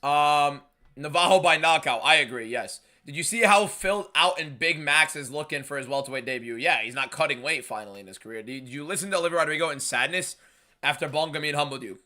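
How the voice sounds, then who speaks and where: A young man hosting a live fight watchalong, reading viewer messages aloud and talking in an emphatic, shouty way. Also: on the high side, fairly quick. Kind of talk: live stream chat and fight commentary.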